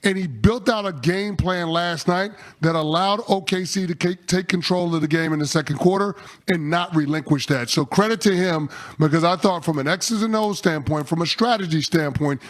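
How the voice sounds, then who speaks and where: A middle-aged man on a sports talk show, laying out his analysis point by point in a measured way. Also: a little high. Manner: measured, walks through stats point by point.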